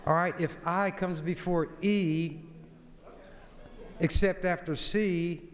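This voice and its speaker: This state senator has a high voice with a steady tone and speaks slowly. He delivers a folksy, lecturing floor speech, and the large legislative chamber gives the recording a long reverb.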